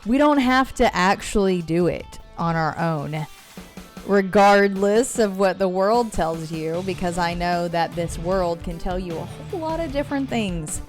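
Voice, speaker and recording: A woman's voice: lowish voice, lively intonation, a little slow, soft background music. Chatty woman giving a devotional talk. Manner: earnest, chatty, wanders into side notes, laughs often. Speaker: Christian devotional speaker. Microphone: own microphone.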